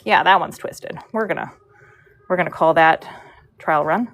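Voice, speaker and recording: A woman's voice: low-pitched, moderate pace, fairly bright tone. A woman live-streaming as she braids hair, telling a rambling story in a chatty way, full of fillers and asides about her work. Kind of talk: casual storytelling while working.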